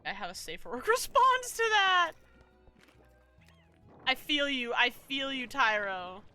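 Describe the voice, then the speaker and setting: A woman's voice: sits high, very animated, a little slow, bright, forceful tone, smooth, faint music behind. A woman streaming a game live, chatting casually, reading chat aloud and yelping and swearing at the game. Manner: reads chat messages aloud playfully. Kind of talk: casual gameplay commentary.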